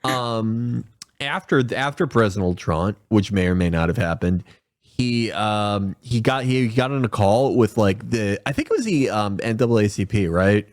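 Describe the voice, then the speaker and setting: A man on a livestream as a guest, riffing sarcastically in casual chat with deadpan jokes and lots of fillers. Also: on the low side, normal speed. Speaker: guest commentator.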